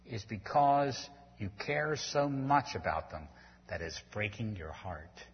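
A man's voice: fairly low pitch, expressive, takes it slowly, husky. A man preaching a sermon, earnest and pleading, rising to emphatic peaks as he makes his points. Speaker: pastor. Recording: dull lo-fi sound in a long-echo hall.

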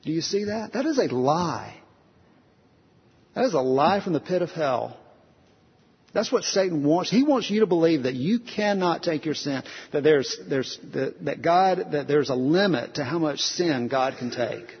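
Gravelly preacher in an echoing hall. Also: male voice, fairly high pitch, lively intonation, normal speed. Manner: earnest, repeats phrases, frequent restarts and rhetorical questions. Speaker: pastor. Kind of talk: conversational sermon. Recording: dull lo-fi sound with long hall reverb.

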